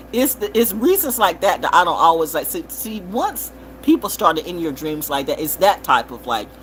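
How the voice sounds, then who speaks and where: A woman reading tarot in a rambling, profane freestyle monologue. She swings from loud outbursts to low mutters and keeps repeating and rhyming phrases. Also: a little hiss or hum. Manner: profane and confrontational. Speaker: tarot reader and vlogger.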